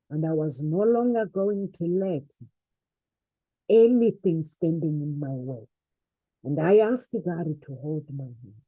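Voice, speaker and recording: A woman's voice: sits low, dark tone, no echo, poor audio. A woman giving an earnest, faith-based motivational talk, repeating phrases for emphasis. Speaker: motivational speaker.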